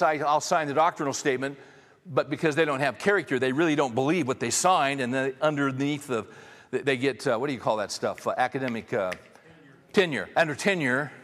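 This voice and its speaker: A man preaching with a fairly high voice, pressing his points hard and repeating key lines for stress. He speaks straight to the congregation in a loose, conversational way. A long reverb trails his words around a large hall. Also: fairly bright tone. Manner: conversational, addresses the congregation directly. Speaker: pastor. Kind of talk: sermon.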